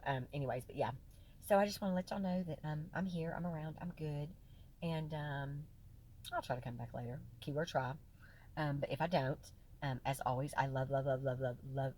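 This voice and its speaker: A woman vlogging casually to her followers, chatty and folksy, often swinging between laughing and tearful. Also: rumbling low. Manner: chatty, folksy, lots of fillers and "y'all". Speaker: vlogger sharing her health journey. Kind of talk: casual direct-to-camera chat.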